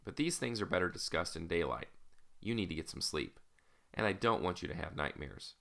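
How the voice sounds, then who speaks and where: A man voicing a calm, patient older uncle. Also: deep voice, a little fast, creaky, full character voice. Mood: reassuring. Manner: patient, formal, gently guarded. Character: calm, measured older male mentor, an uncle. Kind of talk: audiobook character voice.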